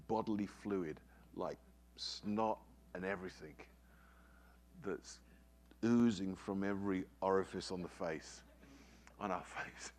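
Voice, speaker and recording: A man's voice: on the low side, a little hiss or hum. A man preaching a sermon, telling a personal story with earnest conviction and pressing his points with emphatic repetition.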